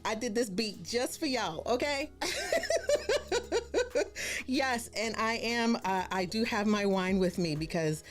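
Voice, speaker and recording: A woman's voice: medium pitch, slow, long pauses, faint music behind. A woman hosting a casual live stream as a branding coach, bubbly and exclaiming often as she greets viewers by name.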